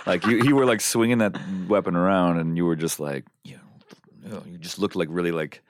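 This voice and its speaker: A man, an actor guesting on a podcast, telling stories with animated enthusiasm. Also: low voice, fairly quick. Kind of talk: casual chat.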